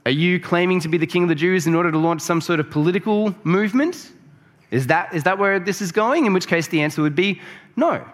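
A man's voice: sits high, fairly quick. A man preaching a sermon, explaining scripture in a conversational way that builds to emphatic peaks. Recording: long reverb of a large hall.

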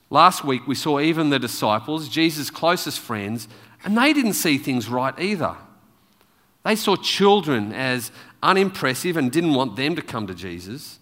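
A man preaching a sermon in a church, telling the story with lively, animated delivery. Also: fairly high pitch, big-room sound.

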